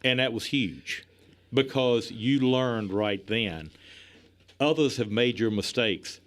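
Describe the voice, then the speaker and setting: A man in his sixties, a police chief, telling animated anecdotes as a podcast guest. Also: medium pitch, takes it slowly, a little hiss or hum. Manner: animated anecdotes, acts out other people's lines, laughs often. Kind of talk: casual storytelling in a podcast interview.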